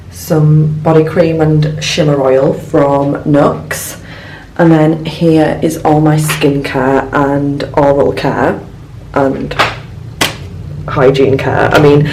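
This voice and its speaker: Gushing young woman, gravelly, echoey room. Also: low voice, a little mellow, a little hiss or hum. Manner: chatty, gushing and emotional, lots of fillers. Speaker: vlogger. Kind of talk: casual travel vlog chat. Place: hotel room. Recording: echoey room with faint ambience.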